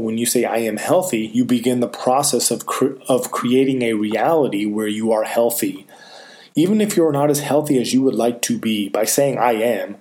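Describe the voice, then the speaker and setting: A man giving a motivational self-help talk, earnest and emphatic, slowing down on key phrases. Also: medium pitch, a little mellow. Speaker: motivational speaker.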